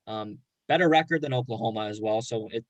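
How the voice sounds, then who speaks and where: A man's voice: mid-range voice, quick pace, no room sound, dull audio. Confident guy giving picks. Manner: confident, opinionated picks with sports slang. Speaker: co-host. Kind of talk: casual sports chat.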